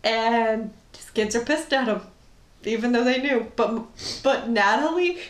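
A woman co-hosting a podcast, recapping a movie in casual chat, sarcastic and swearing freely. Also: on the high side. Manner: swearing, sarcastic, quick asides. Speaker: podcast co-host. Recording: roomy echo.

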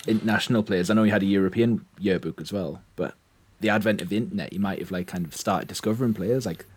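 A man's voice: on the low side, fast, slightly rough. A man chatting casually about football, with wry asides and the odd swear word. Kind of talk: casual chat.

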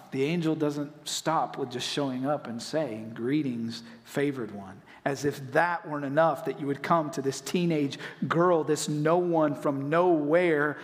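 Animated pastor in a reverberant hall. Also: male voice, on the high side. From North Carolina. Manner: animated storytelling, acts out voices in dialogue. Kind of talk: sermon. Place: church auditorium. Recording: long reverb of a large hall.

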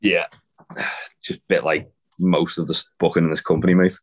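A man's voice: sits low, level tone, brisk. A man co-hosting a podcast, recapping wrestling in a rambling, casual way with lots of swearing and fillers. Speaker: podcast co-host.

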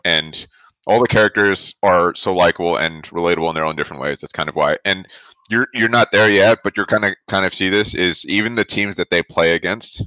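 Man, podcast host, casual chat, easygoing, talkative, very deep voice. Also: a little fast, pushed and bright, dry recording. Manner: easygoing, explains at length, acts out quoted lines. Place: home, remote call.

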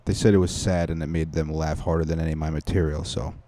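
A man's voice: a bass voice, little pitch movement, quick pace, dark tone, no room sound. A young man hosting a comedy podcast, rambling crudely in a casual monologue with many fillers and restarts.

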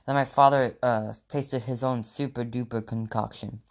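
A man's voice: medium pitch, fairly even intonation, normal speed. A man reading a children's book aloud to his class as a teacher, in a plain manner with small restarts.

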